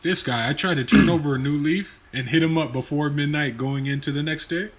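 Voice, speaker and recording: Male podcast co-host, casual and laid-back, quick joking interjections. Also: on the high side. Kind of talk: casual chat.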